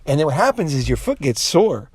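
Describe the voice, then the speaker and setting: A man's voice: on the high side, big pitch swings, brisk, breathy edge, dry recording. A man in a casual, profane monologue who rambles, restarts often and puts on voices when he quotes people. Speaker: commentator.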